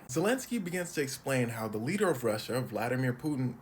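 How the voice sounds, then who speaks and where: A man's voice: medium pitch, a little fast. A man giving a comedic, slangy recap of political news, joking as he goes. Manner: slangy, animated, jokey. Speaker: comedy commentary creator.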